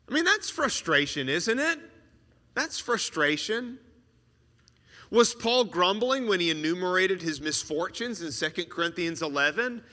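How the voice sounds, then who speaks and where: A man preaching a sermon, animated and asking rhetorical questions with joking asides. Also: high-pitched, normal speed, big-room sound.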